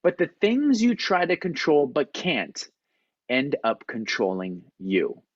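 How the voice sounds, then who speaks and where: A man who is a performance coach, giving a motivational talk on a video call in an animated storytelling manner. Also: mid-range voice, slow, dry recording, muffled recording. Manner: storytelling, animated, acts out quotes. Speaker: performance coach, guest speaker.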